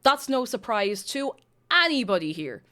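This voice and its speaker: A young adult woman chatting casually on a live stream. She talks to her viewers in an animated way, stops and restarts her sentences, and stays close to her desk mic. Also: fairly high pitch, moderate pace. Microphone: desk microphone.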